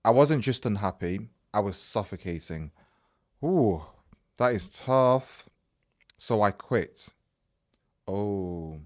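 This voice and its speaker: A man's voice: lowish voice, a little slow, dry recording, studio quality. A young man hosting a podcast, reading a listener's story aloud in a casual, chatty way and often breaking off to comment.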